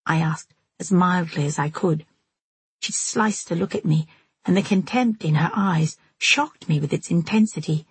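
A woman narrating an audiobook in a very husky, breathy voice that sits on the low side. She tells the story at a measured, steady pace. The sound is close and dry, with no room around it. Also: no room sound. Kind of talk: first-person audiobook narration.

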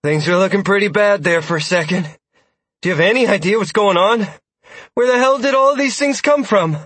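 Man doing Sierra, a tired shouting woman fighter. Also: high-pitched, fairly quick, no room sound, pitched above the performer's own voice. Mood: breathless. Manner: breathless shouting.

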